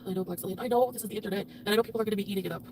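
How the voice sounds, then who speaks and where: A woman ranting angrily on a livestream, swearing, her voice swinging between loud outbursts and quiet muttering. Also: medium pitch, rapid-fire, slight background noise. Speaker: livestreamer being reacted to. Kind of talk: emotional livestream rant.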